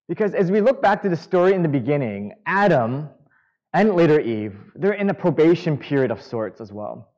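A man preaching a sermon, earnest and halting, with self-deprecating humor. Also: fairly high pitch, a little mellow. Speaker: pastor.

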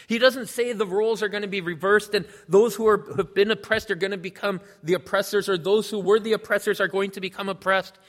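Male pastor, earnest teaching sermon, higher voice, reverberant hall sound. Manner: earnest, explanatory, reads scripture aloud.

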